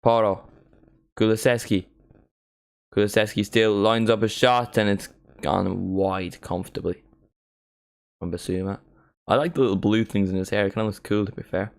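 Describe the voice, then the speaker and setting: A man's voice: fairly low pitch, moderate pace, gravelly, long pauses. A young man hosting a live match watchalong, chatting casually into a desk microphone and perking up when chances come. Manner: laid-back and chatty, gets excited at chances. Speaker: livestream watchalong host.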